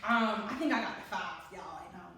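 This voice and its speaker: A young adult woman telling a personal story to listeners in a candid, animated way, often laughing and talking straight to them. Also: lowish voice, normal speed, far from the mic, slight background noise. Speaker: co-host. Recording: very echoey room, away from mic.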